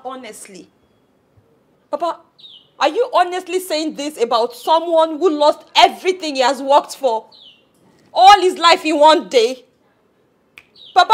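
A woman's voice: very high voice, animated, normal speed, fairly bright tone. An actress with a Nigerian accent playing a young woman in a film drama who wails and pleads with her father. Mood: reproachful. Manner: wailing, pleading. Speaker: grieving daughter. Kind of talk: Nollywood film acting.

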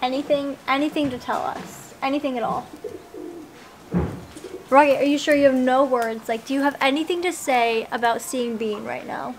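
A woman's voice: high-pitched, fairly even intonation, moderate pace. A young woman vlogging at a horse barn outdoors, chatting in a bubbly, playful way about her horse. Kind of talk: casual horse barn vlog. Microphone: action camera. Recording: noisy outdoor camera audio.

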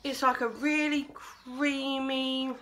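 A woman's voice: high-pitched, flat delivery, takes it slowly, background noise. A woman vlogging casually at home, chatting with her mouth full as she tries sweets. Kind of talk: casual taste-test vlog.

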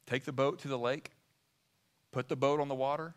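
A man's voice: mid-range voice, fairly even intonation, normal speed, smooth. A man preaching a sermon in church, asking the congregation questions as he talks. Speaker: pastor. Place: church sanctuary.

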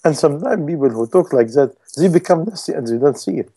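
Male preacher with a mellow, warm tone, broken English sermon delivery that acts out quoted people. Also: on the high side, lively intonation, quick pace, husky. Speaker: Islamic preacher.

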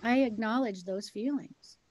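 Higher-pitched woman telling stories emphatically. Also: a little slow, a little mellow, muffled recording. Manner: storytelling, emphatic, repeats key words. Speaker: co-host. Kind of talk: casual heart-to-heart chat.

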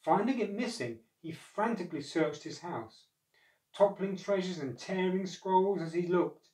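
A man narrating a storybook, measured and expressive. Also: high voice. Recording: echoey room, far from mic.

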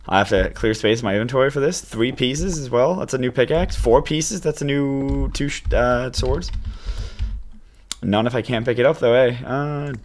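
A young man giving casual, excitable let's-play commentary to his viewers as he plays. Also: medium pitch. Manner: chatty, excitable, talks to viewers as "you guys". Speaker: gaming YouTuber.

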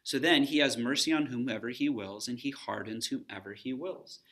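A man teaches a recorded Bible lesson for students, speaking conversationally and pausing to pose questions. His voice is medium-pitched and a bit bright, at a moderate pace.

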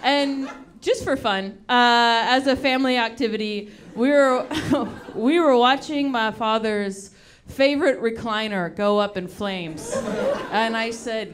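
A stand-up comedian from Texas, delivering a live set in a drawling, unhurried way and laughing between lines. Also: female voice, on the high side. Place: live comedy show venue. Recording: loud live audience laughter and noise.

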